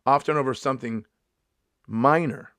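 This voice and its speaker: A man's voice: medium pitch, moderate pace, fairly bright tone, dry recording, studio quality. A man in his fifties doing a sarcastic, mock-indignant comedy vlog monologue, swearing freely as he rants. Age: 50s.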